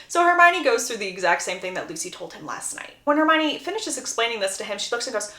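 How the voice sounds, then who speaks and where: A woman content creator recapping a book plot in a chatty, animated storytelling manner. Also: fairly high pitch, brisk, few pauses. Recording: roomy echo.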